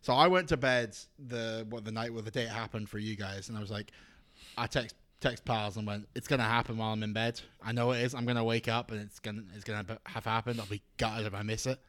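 A man's voice: on the low side, quick pace, no echo. Laid-back Scottish man, laughing and swearing. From Scotland. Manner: relaxed, laughs often, swears. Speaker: podcast guest. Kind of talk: casual chat.

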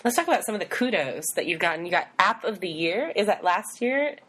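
A woman's voice: mid-range voice, lively intonation, fairly quick, fairly bright tone, breathy edge. A woman interviewer asking short questions and giving encouraging prompts.

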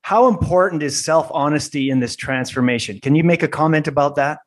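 A man's voice: on the high side, a little fast. A man hosting an interview, encouraging and reflective, summing up before he asks a question. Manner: encouraging, reflective, short affirmations. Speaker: interview host. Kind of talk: conversational interviewing.

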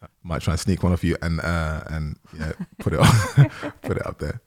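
A man hosting a podcast interview in a relaxed, conversational way, acting out the quotes he repeats. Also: a little fast. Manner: animated, acts out quotes with big jumps in pitch. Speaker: podcast host.

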